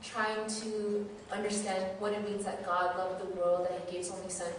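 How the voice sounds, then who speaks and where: A woman's voice: medium pitch, completely flat delivery, moderate pace, a little hiss or hum. A woman who teaches, giving a candid, self-deprecating personal testimony as a sermon. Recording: very echoey hall, mic far off.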